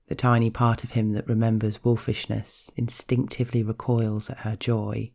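A man narrating a scripted story in a slow, hushed, measured way. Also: fairly low pitch, level tone, creaky.

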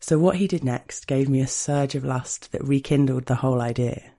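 Gravelly, mellow man reading intimately. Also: mid-range voice. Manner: slow, intimate, hushed storytelling. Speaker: narrator. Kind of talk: first-person erotic story reading.

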